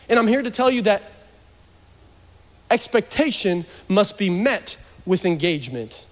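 Male pastor, high voice, jokey conversational sermon that builds to fervent urging, church hall reverb. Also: sing-song, measured pace, long pauses. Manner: joking, conversational preaching that rises to fervent urging.

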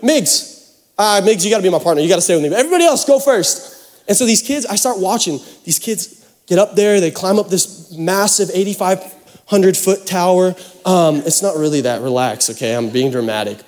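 With hall reverb on the recording, a young male pastor from the Pacific Northwest shares a camp story from the pulpit, playing up the drama and mocking himself. His voice is a little high.

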